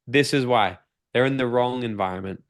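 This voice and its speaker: A man with an Australian accent speaks as a podcast guest at a mid-range pitch. He is a personal development coach who talks with lively energy and swears freely. He often slips into the voice of his own inner doubts. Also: normal speed.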